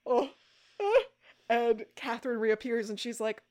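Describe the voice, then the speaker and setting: A young adult woman co-hosting a podcast recaps a show episode in casual chat, animated and laughing as she acts out quoted lines. Her voice is a little high and unhurried.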